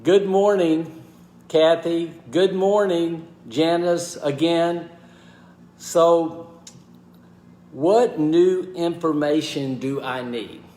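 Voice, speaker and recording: A man hosting a motivational live talk, speaking haltingly with pauses and restarts and greeting viewers by name. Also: a little high, a little mellow, roomy sound. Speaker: host.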